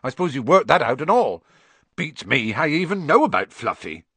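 A man voicing a big, kindly, gruff gamekeeper giant with a bluff, blustering way of talking, in an audiobook reading. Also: a little high, very animated, brisk, bright, forceful tone, dry recording, voice pushed up, full character voice. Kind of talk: audiobook character voice.

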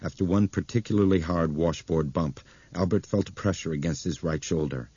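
A man narrating a novel in a very deep, dark, husky voice. He reads at a steady, measured pace. The recording is dry and close, with a dull, muffled top end. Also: no echo. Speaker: audiobook narrator. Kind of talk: scripted narration.

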